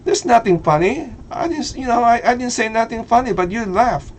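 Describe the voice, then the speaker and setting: A man's voice: very high-pitched, expressive, normal speed. A middle-aged man with a Filipino accent gives casual commentary, hesitant and full of fillers, laughing easily. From Philippines. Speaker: vlogger.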